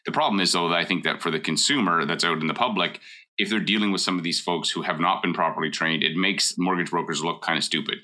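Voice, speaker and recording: A man's voice: low voice, quick pace, sharp tone. A middle-aged man from Canada, a mortgage broker giving blunt, emphatic advice in a casual talk and hammering home his points.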